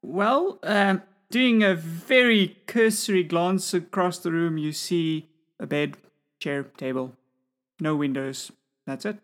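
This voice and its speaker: Relaxed tabletop game master. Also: mid-range voice, takes it slowly.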